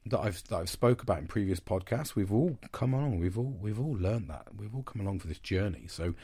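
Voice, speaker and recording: A man's voice: on the low side, lively intonation, brisk, dark tone, husky. A man hosting a podcast, telling a long casual story with fillers, restarts and swearing. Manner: rambling, chatty, swears freely, many fillers and restarts. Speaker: podcast host.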